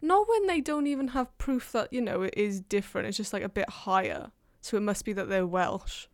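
A woman's voice: mid-range voice, fairly quick, dry recording. A woman from England co-hosts a casual podcast. She talks bluntly and brushes things off. The sound is close and dry. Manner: blunt, dismissive. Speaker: podcast co-host. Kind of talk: casual chat.

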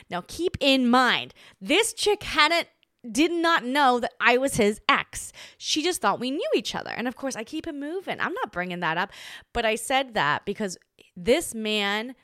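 A young woman tells a story on her podcast, chatty and animated, acting out the voices of the people she quotes. Her voice is smooth and clear, and the recording is very dry and close. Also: on the high side, a little slow, no room sound. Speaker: podcast host. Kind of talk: casual storytelling monologue.

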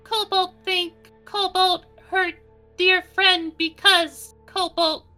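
A woman's voice: very high-pitched, little pitch movement, slow, sharp tone, faint music behind, pitched above the performer's own voice, exaggerated voice. A woman voicing an earnest small male draconic creature who speaks in broken third-person phrases during a tabletop game. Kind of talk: tabletop role-play.

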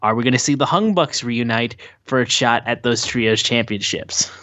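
A man co-hosting a wrestling podcast, chatting casually and rambling with lots of fillers, acting out quotes in higher voices. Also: moderate pace, a bit bright, no echo. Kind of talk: casual show recap chat. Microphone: his own mic acting up.

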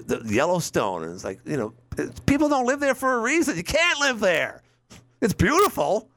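A man with a high-sitting voice hosts a call-in radio talk show, rambling animatedly and acting out lines from shows.

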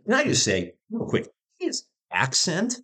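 A man co-hosting a casual podcast, talking about shows in an emphatic, animated way. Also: sits high, unhurried, husky. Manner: emphatic and animated, stresses words for effect. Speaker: podcast co-host.

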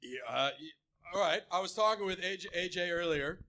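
A man's voice: high voice, moderate pace, bright, forceful tone. A man co-hosting a live podcast, rambling through jokes and swearing casually. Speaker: podcast co-host.

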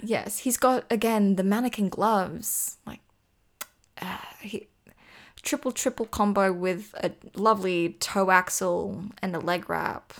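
This is a woman co-hosting a relaxed conversation about figure skating. She talks in a chatty, gushing way and keeps tossing in playful asides. Her voice sits at an ordinary middle pitch. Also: measured pace. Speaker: podcast co-host. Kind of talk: casual chat reviewing figure skating.

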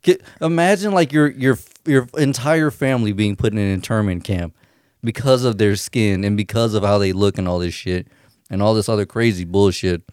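A man's voice: fairly low pitch, normal speed, a little mellow, clear, resonant tone, no room sound, studio quality. A man in casual, profane banter with friends, laughing often and telling stories.

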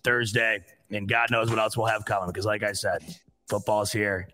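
A man's voice: lowish voice, moderate pace, slight background noise. Hyped man hosting a sports show. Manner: hyped, energetic. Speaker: podcast host. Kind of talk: casual sports chat.

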